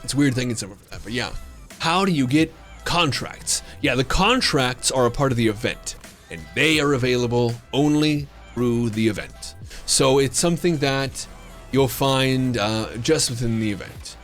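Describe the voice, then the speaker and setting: Animated, jokey man streaming. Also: mid-range voice, moderate pace. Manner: jokey, rambling, playfully flirtatious banter. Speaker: live game streamer. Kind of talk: casual chat with stream viewers. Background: faint background music.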